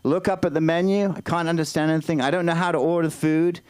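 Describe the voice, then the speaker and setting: A man with an English accent doing stand-up at an open mic, chatty and halting as he tries out new lines. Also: on the high side, fairly even intonation, darkish tone, clear, resonant tone. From Britain. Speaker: stand-up comic. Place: small comedy club stage.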